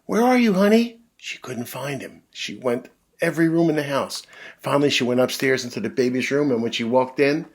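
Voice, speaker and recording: A man reading a children's picture book aloud, animated, with big voices and sound effects. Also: mid-range voice, fairly quick, husky. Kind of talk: read-aloud storytelling for kids.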